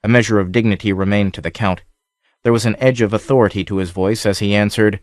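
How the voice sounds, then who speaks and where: A man reading an adventure novel aloud in steady, measured scripted narration. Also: on the low side, dry recording, clean studio sound. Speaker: audiobook narrator.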